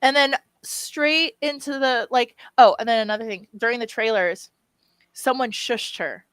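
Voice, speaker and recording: Bright-voiced animated woman storyteller. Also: a little high, unhurried, clear, resonant tone, no room sound. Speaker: podcast co-host. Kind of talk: casual chat, storytelling.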